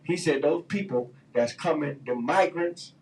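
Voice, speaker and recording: A man's voice: a little high, a little slow, darkish tone, distant mic, low-quality recording. A man hosting a radio talk show, ranting in loose, heated slang with lots of fillers. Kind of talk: casual opinion talk.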